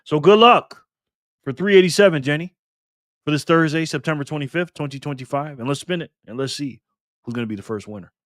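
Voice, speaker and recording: A man's voice: fairly high pitch, brisk, no room sound, studio quality. A man hosting a casual live stream, cheerfully greeting viewers by name and chatting as he spins a prize wheel.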